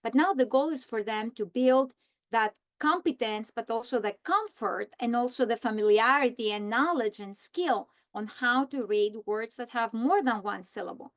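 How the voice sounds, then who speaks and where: A woman explaining how to teach a reading lesson, slowly modeling the script she would read to students. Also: on the high side. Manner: slow, deliberate modeling of a script. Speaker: teacher trainer. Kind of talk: instructional walkthrough.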